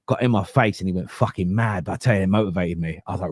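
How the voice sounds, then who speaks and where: A man in his thirties from East London, with a London accent, telling animated stories and swearing freely on a casual football podcast. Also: low-pitched, fast talker, dry recording, studio quality. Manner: animated storyteller, swears freely, acts out quotes. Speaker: podcast host.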